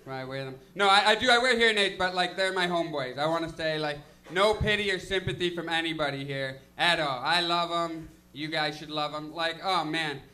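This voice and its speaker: Young stand-up guy, high and bright, rambling self-deprecating delivery on a stage mic. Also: a little fast, few pauses. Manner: self-deprecating, loose, filler-heavy delivery. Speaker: stand-up comedian. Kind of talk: stand-up comedy set. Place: comedy lounge stage.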